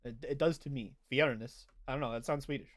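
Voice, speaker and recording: A man's voice: medium pitch, a little fast, no room sound. Chatty young man streaming a game. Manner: chatty, reads and answers viewer chat. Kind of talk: casual gaming livestream chat.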